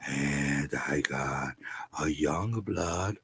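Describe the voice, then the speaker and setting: A man voicing a hushed, mocking comic-book unboxer in a slow, drawn-out whispered role-play. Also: rumbling low, breathy edge, voice pushed down, full character voice. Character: male YouTuber mocked in hushed comic unboxing.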